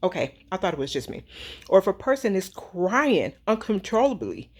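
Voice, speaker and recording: A woman's voice: mid-range voice, sing-song, moderate pace, slightly rough. Worked-up woman venting commentary. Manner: heated, worked up, emphatic repetition. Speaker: social media commentator. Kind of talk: casual commentary monologue.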